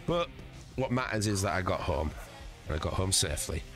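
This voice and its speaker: Over background music, a man with a low, expressive voice talks briskly during a home livestream. He has a cold that leaves him congested, and he rambles, cusses and chuckles at his own jokes.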